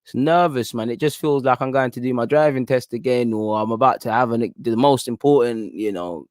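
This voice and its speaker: With a mid-range, slightly dark voice and a somewhat fast pace, a young man hosts a football watchalong stream, chatting through live fan commentary and appealing to players and the referee. The recording is dry and studio quality.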